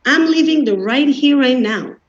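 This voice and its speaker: This woman's voice is high-pitched, with lively intonation and a normal pace. Her earnest talk explains defense mechanisms through everyday examples, never passing judgment, and it's captured in a dull lo-fi recording.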